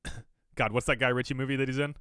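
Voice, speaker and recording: A man's voice: mid-range voice, fairly even intonation, rapid-fire, fairly bright tone, clear, resonant tone, no room sound, studio quality. A man co-hosting a podcast in casual chat, teasing his co-host and cracking jokes. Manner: teasing, wisecracking.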